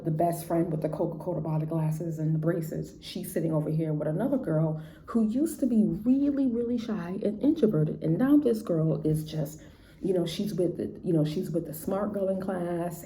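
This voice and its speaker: A woman's voice: fairly low pitch, dark tone. A woman teacher telling a classroom story in a chatty, casual way, often checking in with "right?" and "you know". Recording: roomy echo, faint background noise.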